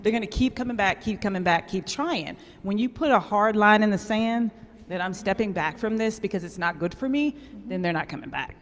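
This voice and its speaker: A woman speaks bluntly and with emphasis as a panelist, often breaking into laughter. Her voice sits at a middling pitch and rings with long reverb from a large hall. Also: a little fast. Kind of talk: live panel discussion.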